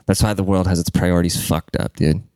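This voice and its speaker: A man's voice: low-pitched, fairly even intonation, fairly quick, darkish tone, clear, resonant tone, dry recording. Congested man in a crude, rambling rant. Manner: crude, rambling, swears constantly. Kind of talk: casual profane rant.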